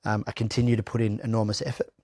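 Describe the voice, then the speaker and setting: A middle-aged man with an Australian accent talks openly and bluntly about hard times. He swears without hesitation and restarts his sentences, and his voice sits on the low side. The sound is close and dry, with no room echo. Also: little pitch movement, very fast, darkish tone. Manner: raw, blunt, swears freely, many restarts. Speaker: interview guest. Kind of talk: candid personal testimony.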